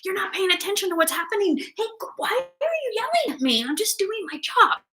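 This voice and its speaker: A jittery dog on a leash, voiced by a woman, yelping out questions in a squeaky, strained voice far above her usual pitch. It talks fast and breathlessly, sharp and tense, desperate for its owner to notice. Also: big pitch swings, full character voice. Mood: panicked. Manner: frantic, rapid-fire questions. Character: anxious, overexcited dog on a leash pleading with its owner.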